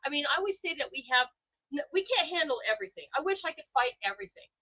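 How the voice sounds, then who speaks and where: A woman hosting a podcast, talking in a casual, emotional and animated way. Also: high voice, quick pace, lo-fi sound. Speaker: podcast host.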